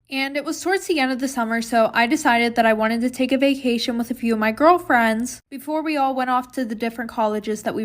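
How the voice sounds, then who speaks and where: High-voiced chatty young woman. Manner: chatty, exasperated, fillers like "like". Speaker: storyteller. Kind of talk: casual storytime narration.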